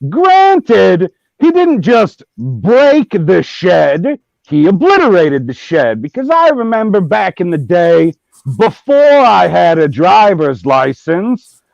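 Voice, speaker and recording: Male co-host, high gravelly voice, unhurried, dry muffled recording. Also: big pitch swings, no room sound. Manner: joking, wry asides. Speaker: podcast co-host. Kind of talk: casual chat. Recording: dull lo-fi sound.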